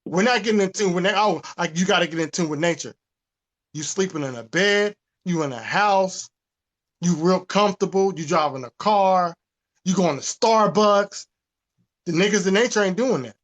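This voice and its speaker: A man's voice: sits high, normal speed. A man, ranting with profanity in a casual podcast talk. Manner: animated, profane, preachy. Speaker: podcast host. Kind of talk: casual rant.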